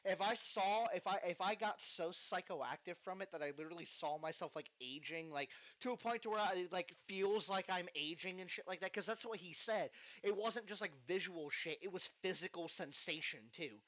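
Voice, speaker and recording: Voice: medium pitch, moderate pace, few pauses, fairly bright tone. A podcast host telling a story in casual chat, acting out the voices and swearing freely. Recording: dull lo-fi podcast recording.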